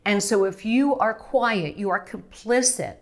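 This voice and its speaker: A little slow, at medium pitch, the middle-aged Montreal guest chats frankly in an interview. She's animated throughout, breaking into laughter and restarting sentences often.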